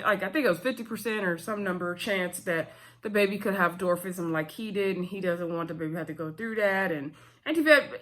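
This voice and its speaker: A woman casually recapping a TV episode for her viewers, chatty and addressing them as "y'all", slipping into quick voices when she quotes characters. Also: mid-range voice, a bit bright. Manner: talks straight to viewers as "y'all". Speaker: TV episode reviewer.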